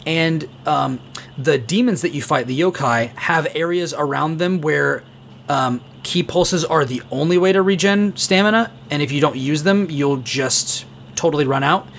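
A man's voice: fairly high pitch, moderate pace, creaky, a bit bright, slight background noise. A man co-hosting a casual gaming podcast, talking eagerly at length with many fillers. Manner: enthusiastic, rambling, heavy on fillers. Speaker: podcast co-host.

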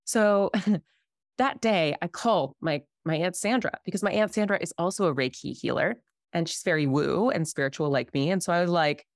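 Low-voiced woman telling a dream story. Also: moderate pace, no room sound, clean studio sound. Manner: animated, acts out quoted voices. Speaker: podcast guest, Reiki healer. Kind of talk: casual storytelling.

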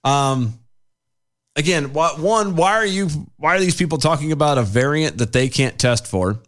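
A man's voice: fairly high pitch, lively intonation, moderate pace, fairly bright tone. A man co-hosting a casual podcast, reading news quotes aloud and ranting in exasperation. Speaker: podcast co-host.

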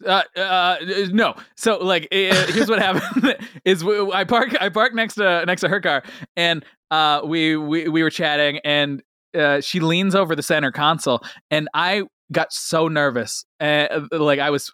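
A young man telling a story on a podcast as a guest, animated and laughing, with lots of fillers and restarts. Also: fairly high pitch, clear, resonant tone, dry recording, studio quality. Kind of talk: casual storytelling chat.

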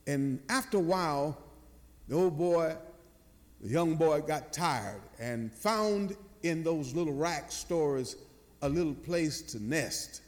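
Older pastor, high lively voice, slow storytelling sermon, long church echo. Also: male voice. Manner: animated storyteller, slow and drawn-out.

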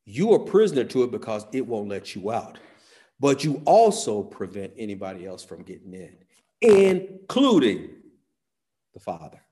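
A man preaching a sermon, swinging from soft, quiet phrases to sudden loud, emphatic peaks. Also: on the low side, sing-song, moderate pace.

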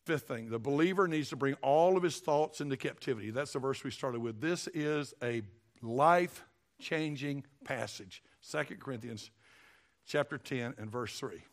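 Folksy preacher man, gravelly voice. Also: medium pitch, moderate pace. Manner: folksy, emphatic, repeats phrases. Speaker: pastor. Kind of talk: sermon.

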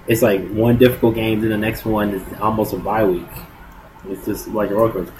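A man co-hosting a casual sports chat, relaxed and joking as he runs through a team's schedule. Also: on the low side. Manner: relaxed, joking, lists teams quickly. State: hiccups. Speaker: podcast co-host. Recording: noticeable background noise.

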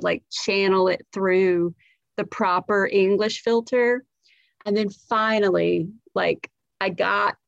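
A woman's voice: mid-range voice, gravelly, no room sound, lo-fi sound. A woman from South Carolina with a light Southern accent tells stories as a comedian guest on a podcast. She talks casually, swears freely and uses lots of "like" and restarts.

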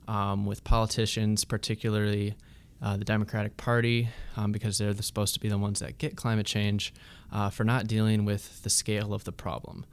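A man's voice: on the low side, smooth. A young man, a student activist, answering interview questions hesitantly with many ums. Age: young adult.

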